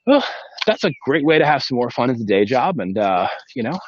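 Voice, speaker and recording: A man's voice: medium pitch, sing-song, brisk, no room sound, lo-fi sound. A man hosting a casual live-stream podcast from inside a vehicle, chatting in a rambling way and talking to his kids between points. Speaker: podcast host.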